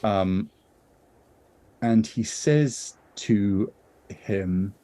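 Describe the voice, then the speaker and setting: A man's voice: lowish voice, extremely slow, dark tone. A British man playing in an improvised tabletop game, describing his character's actions in a chatty way. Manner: chatty, laughing recounting. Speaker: player.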